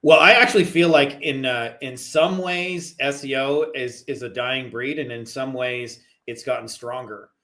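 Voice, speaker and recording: A man's voice: medium pitch, a little slow, few pauses, bright, forceful tone. Rambling middle-aged man from Canada. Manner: rambling, heavy on "like" fillers. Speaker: guest, digital marketer. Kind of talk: casual chat.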